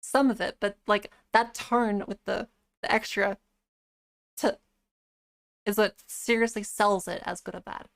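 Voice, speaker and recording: A woman's voice: medium pitch, fairly even intonation, measured pace, creaky, long pauses. A woman chatting casually with her live-stream viewers, swearing freely and laughing often.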